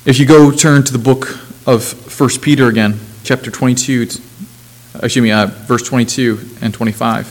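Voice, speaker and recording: A man's voice: medium pitch, fairly even intonation, moderate pace, rough recording. A man preaching a sermon, reading scripture aloud and explaining it in a conversational way, with asides and self-corrections.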